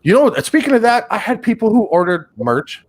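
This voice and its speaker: A man in casual livestream chat, telling relaxed anecdotes with chuckles. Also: high-pitched, fairly quick.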